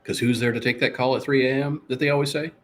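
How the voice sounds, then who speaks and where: This host talks fast in a medium-pitched, somewhat bright voice with fairly even intonation. During his casual live show he reads and replies to viewer comments and brags about himself in the third person; a slight hiss is audible.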